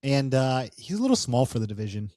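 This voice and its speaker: A man's voice: medium pitch, very animated, fast talker, warm tone, no echo, studio quality. A man in his twenties co-hosting a casual fight podcast while drunk, teasing and crude. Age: 20s. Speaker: podcast co-host. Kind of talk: casual chat, fight breakdown.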